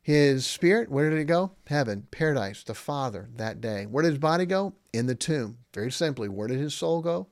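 A man's voice: mid-range voice, lively intonation, moderate pace, few pauses, dry recording, clean studio sound. A man hosting a podcast, teaching Bible doctrine in an emphatic way, asking questions and answering them himself and reading verses aloud in old-fashioned wording. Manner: reads scripture aloud in King James wording. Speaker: podcast host.

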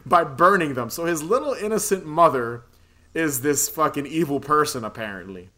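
A man's voice: on the high side, expressive, moderate pace, bright, forceful tone. A man casually recapping a movie plot in a podcast chat, rambling, swearing freely and laughing often. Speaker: podcast co-host.

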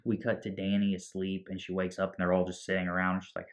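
A man's voice: deep voice, level tone, brisk. A man casually recapping a film scene by scene, acting out the characters' lines as he goes. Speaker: movie podcast co-host. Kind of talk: casual movie recap chat.

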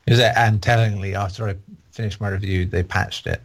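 Man, game reviewer, casual chat, rambling, critical, low-pitched, raspy. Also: steady tone, a little fast.

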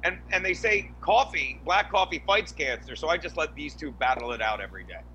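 A man on a podcast rambles through a crude, restless rant, full of swearing and restarts. His voice sits high and sounds bright and forward. A faint hum runs behind him. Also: expressive, fairly quick, dull audio. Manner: many restarts and fillers. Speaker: podcast co-host, guest. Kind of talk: crude casual podcast chat.

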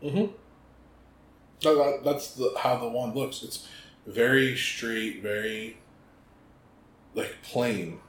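A man co-hosting a podcast from the United States, chatting in a relaxed way with lots of ums and mm-hmms. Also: medium pitch, slow, pauses often. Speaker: podcast co-host. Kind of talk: casual chat. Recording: echoey room with faint noise.

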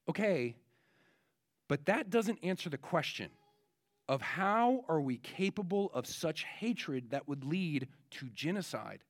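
A pastor preaching a conversational sermon in a casual way, with frequent fillers and restarts. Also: male voice, on the high side.

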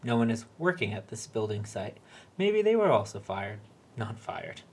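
A man reading a short story aloud in a wry, deadpan way. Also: lowish voice, moderate pace, slightly rough. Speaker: reader.

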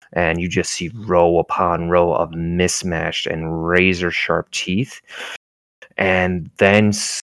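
Slow, deep-voiced game master. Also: male voice, fairly bright tone, smooth, no echo. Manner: unhurried, descriptive, full of fillers like "you know". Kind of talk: narrating a tabletop game.

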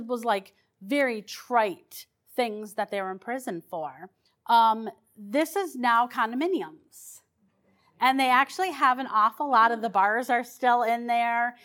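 Chatty paranormal investigator woman, higher voice. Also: a bit bright. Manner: chatty, rambling, with restarts and fillers. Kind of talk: casual storytelling.

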